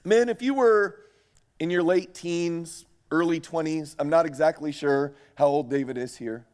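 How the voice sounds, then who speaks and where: Male preacher, high-ish voice, animated, quizzes the congregation. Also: measured pace, smooth. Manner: animated, asks the audience questions. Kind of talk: sermon lecture.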